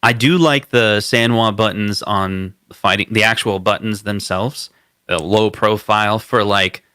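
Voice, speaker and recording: A man co-hosting a podcast, chatting casually with a halting, enthusiastic manner. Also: on the low side, fairly even intonation, pushed and bright, smooth, dry recording, studio quality. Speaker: podcast co-host. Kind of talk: casual chat.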